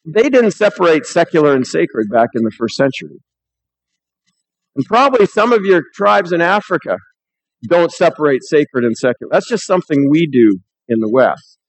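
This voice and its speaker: A man's voice: a little high, animated, moderate pace, slightly rough, rough recording. A man pastor preaching a sermon in a church, talking conversationally and reading scripture aloud.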